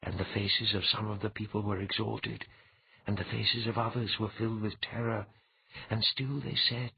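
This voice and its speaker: A man narrating a fantasy audiobook in a measured, dramatic way. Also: lowish voice, flat delivery, gravelly, a little hiss or hum. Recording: dull lo-fi, dry.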